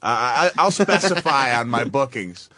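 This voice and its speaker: A man's voice: medium pitch, big pitch swings, a little slow, sharp tone, no echo. A man telling self-deprecating stories with a chuckle as a guest on a talk show. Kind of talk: casual storytelling.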